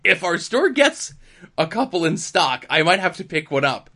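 A young man with a bright, slightly raised voice co-hosts a laid-back podcast. He talks casually and wryly, with a dry sense of humor. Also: sits high, big pitch swings, moderate pace. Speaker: podcast co-host. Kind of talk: casual chat.

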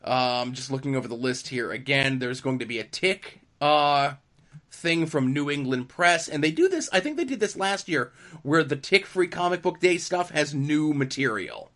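A young man with a bright, slightly raised voice co-hosts a laid-back podcast. He talks casually and wryly, with a dry sense of humor. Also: on the high side, animated, normal speed. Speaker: podcast co-host. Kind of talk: casual chat.

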